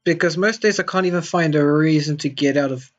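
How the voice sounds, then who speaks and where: A man reading the lines of a teenage girl who hides her depression, in a soft, self-blaming way. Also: fairly high pitch, brisk, lo-fi sound, soft background music, lightly acted. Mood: gloomy.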